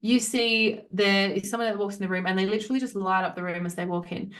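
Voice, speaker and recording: A woman's voice: medium pitch, fairly even intonation, fast. A young adult woman hosting a solo motivational podcast, talking frankly and swearing freely as she acts out the voices in people's heads. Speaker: podcast host.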